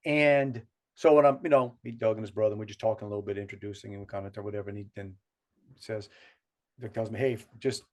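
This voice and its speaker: With a slightly mellow, medium-pitched voice, this South Louisiana man co-hosts a podcast and spins a long, meandering tale that keeps restarting. The talk is casual storytelling chat.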